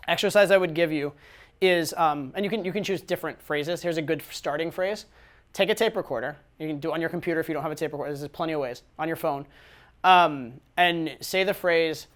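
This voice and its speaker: A man's voice: a little high, brisk, a bit bright. A man giving casual dating advice, talking conversationally with repeated words and frequent "right?" tag questions. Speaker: dating coach.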